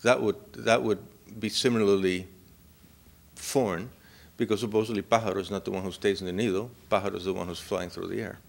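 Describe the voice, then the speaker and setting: Lecturer, male, native Spanish speaker from Cuba; low, gravelly voice; reflective, talks to the room. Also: steady tone, brisk. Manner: reflective, checks in with listeners often. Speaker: university lecturer. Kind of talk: academic lecture.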